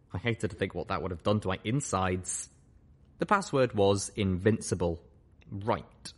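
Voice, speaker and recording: Male audiobook reader with a fairly low voice, measured first-person narration. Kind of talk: audiobook narration of fan fiction.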